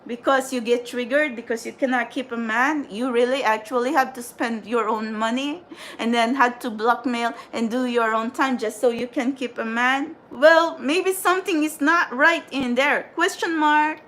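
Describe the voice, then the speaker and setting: A woman with a high, light voice rants on her livestream, exasperated and scolding, circling back to the same points again and again. A faint hum sits behind her. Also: steady tone, normal speed, fairly bright tone. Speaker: tarot livestream host. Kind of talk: frustrated livestream rant.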